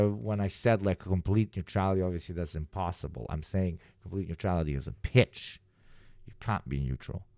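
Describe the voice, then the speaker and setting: A man giving casual political commentary as a streamer, sardonic and mocking, now and then jumping into a high mocking voice. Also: mellow, no room sound.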